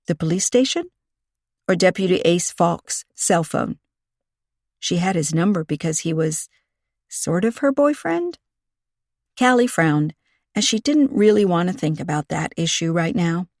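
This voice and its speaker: A woman's voice: on the low side, a little mellow, no echo, studio quality. Woman narrating a cozy mystery audiobook. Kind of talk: scripted narration.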